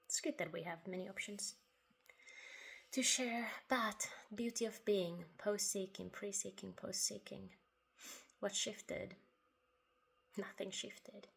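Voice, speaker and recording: A woman giving a reflective spoken monologue about spiritual ideas. She talks softly and without hurry, pausing often, sometimes dropping to a breathy half-whisper. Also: medium pitch. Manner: soft and unhurried, with long pauses, occasional breathy half-whispers and quiet laughs. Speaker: writer sharing spiritual reflections.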